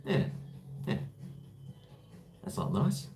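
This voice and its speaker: A man's voice: very slow, mellow, faint music behind. A man chatting casually on a livestream, rambling with chuckles and answering viewers' comments. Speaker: livestream host.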